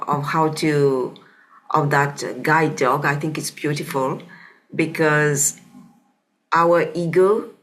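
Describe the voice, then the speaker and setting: A woman's voice: low voice, a bit bright. A woman hosting a podcast interview, speaking reflectively and often adding "you know?". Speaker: podcast host. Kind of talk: conversational interview.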